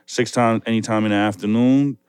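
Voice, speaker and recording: Laid-back New York man, low and dry. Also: fairly even intonation, fairly quick, darkish tone, smooth, dry recording. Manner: laid-back, rambling, laughs often. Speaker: podcast co-host. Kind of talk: casual chat.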